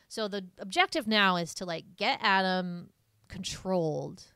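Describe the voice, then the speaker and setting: A woman co-hosting a podcast, rambling through a movie plot with plenty of "like" fillers. Her voice sits on the low side. The sound is dry and close, with almost no room around it. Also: pushed and bright, smooth, no echo. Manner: rambling, heavy use of "like", quick laughs. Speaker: podcast co-host. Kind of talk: casual movie recap chat.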